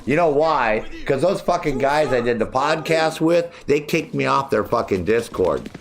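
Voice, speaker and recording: Mid-pitched with vocal fry and lively intonation, this gamer in his sixties rages on his live stream at normal speed, cursing nonstop at the rivals who booted him from their chat. He mimics them in mocking voices, and there's a little hiss or hum in the recording.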